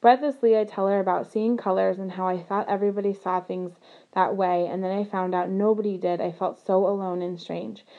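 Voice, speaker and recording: A woman reading a novel aloud in first person, with earnest, steady storytelling. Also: mid-range voice, fairly quick, narrow, tinny audio. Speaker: audiobook narrator.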